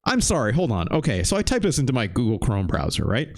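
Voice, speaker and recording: A man in his thirties streaming a retro game, chatting with viewers in a loose, animated way and swearing casually. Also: medium pitch, fast. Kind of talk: live game stream chat.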